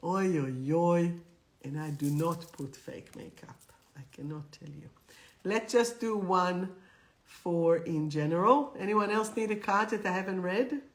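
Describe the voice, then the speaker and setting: A middle-aged woman and spiritual teacher, chatting directly to viewers on a live stream and leading them in affirmations. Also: on the low side. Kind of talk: live-streamed guidance session.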